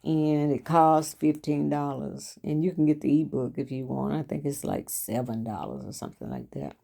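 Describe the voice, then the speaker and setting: Sitting low in pitch, this older woman's voice is creaky and warm, expressive, and moderate in pace. As host and author on her own show, she casually tells stories from her life, chatty and folksy, repeating herself along the way.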